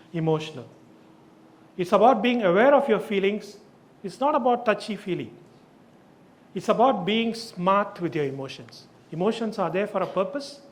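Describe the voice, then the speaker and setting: A man with a high voice gives an emphatic live talk to a group. He keeps turning to his listeners with questions. He stresses his points hard. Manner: emphatic, asks the audience questions. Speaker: speaker leading an awareness session. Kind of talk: live lecture to an audience.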